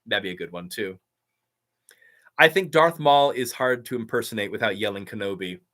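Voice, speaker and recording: A man's voice: lowish voice, expressive, normal speed, a bit bright. A man running a live stream Q&A, answering chat in an enthusiastic, rambling way full of fillers. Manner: enthusiastic, rambling fan talk with many fillers.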